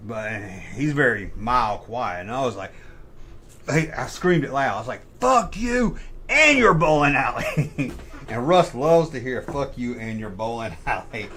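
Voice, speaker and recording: A man's voice: medium pitch, expressive, normal speed, fairly bright tone, a little hiss or hum. A middle-aged man hosting a live stream, casually telling rambling, profane anecdotes and correcting himself as he goes. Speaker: livestream host.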